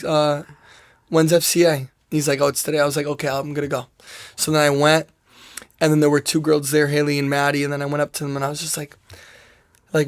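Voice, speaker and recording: A young man, a soccer player guest in an interview, telling a personal story in a rambling way, full of "like" and quoted asides. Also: on the high side.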